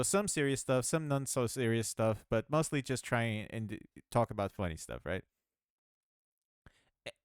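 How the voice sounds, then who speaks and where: A man talks through his game development in a loose, rambling way, often laughing at himself. His voice is smooth and clear, with a pitch that swings around a lot. The recording is close and dry. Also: no room sound. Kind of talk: casual rambling devlog commentary.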